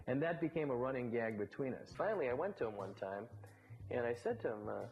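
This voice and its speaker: A man, a former baseball broadcaster, telling anecdotes in a relaxed storytelling way. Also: medium pitch, quick pace, gravelly, faint music behind, rough recording. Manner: relaxed raconteur, briefly mimics others in quotes.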